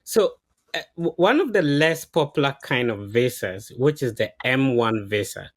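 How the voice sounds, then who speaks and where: A man's voice: mid-range voice, expressive, moderate pace. A man hosting an interview, asking long, carefully framed questions. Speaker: interview host.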